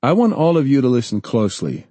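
A man's voice: mid-range voice, big pitch swings, fast, mellow, no room sound, pitched above the performer's own voice. A man doing a firm, threatening resolute leader.

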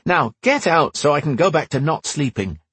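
A man's voice: fairly high pitch, expressive, normal speed, fairly bright tone, slightly rough, dry recording, voice pushed up, heavily acted. A man voicing a weary, sardonic young man with a dry, sarcastic manner. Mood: sardonic, wry.

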